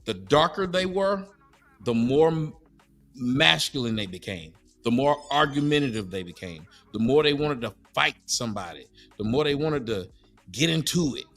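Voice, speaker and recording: A middle-aged man hosting a podcast, arguing in a preachy, mocking, animated way. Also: mid-range voice, normal speed, faint music behind. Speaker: podcast host. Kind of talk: heated casual debate. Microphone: studio mic.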